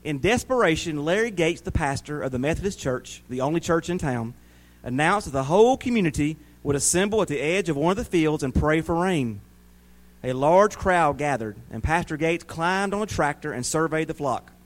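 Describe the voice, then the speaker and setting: A man's voice: a little high, lively intonation, moderate pace. A man preaching a sermon to a congregation, folksy and joking, rising into emphatic preaching. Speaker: pastor.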